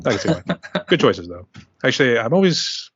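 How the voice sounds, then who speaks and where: A man hosting a podcast, asking quick easygoing questions in a casual interview chat. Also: medium pitch, sing-song, lo-fi sound, background noise. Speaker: podcast host.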